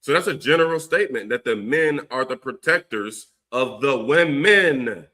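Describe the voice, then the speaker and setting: A man with a Philadelphia accent hosting a livestream, ranting forcefully and preachily, with long runs of stammered fillers. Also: medium pitch, expressive, moderate pace. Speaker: livestream host giving religious commentary. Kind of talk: heated livestream rant.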